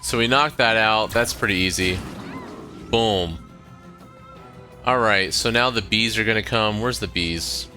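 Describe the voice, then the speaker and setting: A man giving casual, relaxed commentary while he plays a video game. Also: fairly low pitch, faint music behind. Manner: slow, relaxed, chatty. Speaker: gameplay host.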